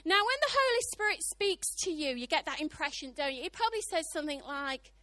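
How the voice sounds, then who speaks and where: A woman preacher with a British accent, high-pitched and bright, delivering a lively sermon. She is middle-aged and throws herself into the voices in her stories. The sound is close and dry. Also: fast, dry recording. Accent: British English. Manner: animated, acts out voices of God and others.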